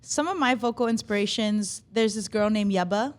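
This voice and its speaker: A woman hosting a podcast, chatting and affirming her guest. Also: medium pitch. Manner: chatty, affirming, quick to agree. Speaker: podcast host. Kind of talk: casual podcast conversation.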